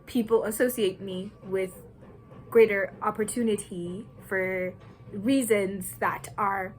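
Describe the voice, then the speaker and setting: A woman from Kenya giving an earnest, deliberate personal reflection, with nervous laughs now and then. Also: mid-range voice, steady tone, rough recording. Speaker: vlogger.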